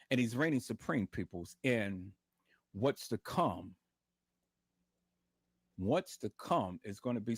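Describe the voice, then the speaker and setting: Man, husky voice, in pain, fervent repetitive testimony, dry close mic. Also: medium pitch, dry recording. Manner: fervent, repetitive, calls viewers "peoples". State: in pain, lying in bed. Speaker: livestream host. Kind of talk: preachy testimony to viewers.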